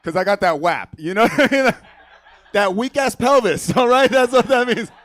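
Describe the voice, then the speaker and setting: A man's voice: extremely high pitch, expressive, normal speed, fairly bright tone, no room sound. A man from New York who grew up speaking Spanish first, doing a brash, profane stand-up set on a comedy theater stage, laughing at his own jokes and asking "right?" after each line.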